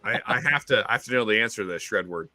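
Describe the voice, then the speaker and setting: A man's voice: fairly low pitch, fast talker, sharp tone, slight background noise. A man hosting a casual whiskey stream, rambling and joking with stumbling restarts, close to his mic. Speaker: whiskey show host. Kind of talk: casual chat on a live stream.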